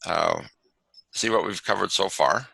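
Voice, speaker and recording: A man gives a lesson from slides over a video call, talking in halting bursts full of fillers. His voice is gravelly and bright with a lot of movement in the pitch, and the sound is dry and close. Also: no echo, low-quality recording. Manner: halting, many fillers and restarts. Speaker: webinar presenter on haiku.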